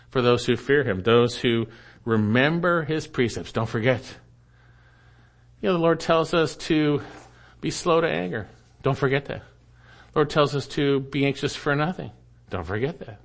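A pastor preaching a sermon with emphatic repetition, swinging from loud exclamations down to a hushed, quiet close. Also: male voice, medium pitch. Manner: emphatic preaching, rising to exclaim then dropping to a hush; repeats phrases for emphasis.

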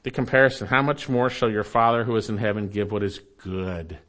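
A man's voice: on the low side, brisk, a bit bright. A man preaching a sermon to his congregation, reading scripture aloud and earnestly repeating his key phrases. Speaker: pastor.

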